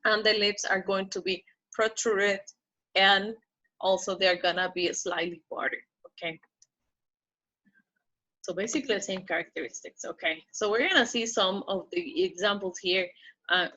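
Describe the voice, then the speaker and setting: Slow, bright-voiced woman teaching pronunciation. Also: medium pitch, dull audio. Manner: drawn-out model words, checks in with "okay?". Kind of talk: slow, careful pronunciation lesson.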